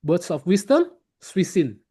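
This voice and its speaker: A man chairing an online speaking club meeting, polite and halting, with non-native phrasing, over a video call. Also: sits high, wildly swooping pitch, mellow, slightly rough.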